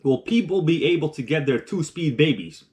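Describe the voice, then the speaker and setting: A man's voice: on the high side, lively intonation, moderate pace, darkish tone. A man hosting a casual live stream, chatting while eating and reading viewer comments aloud, rambling with restarts. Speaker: livestream host.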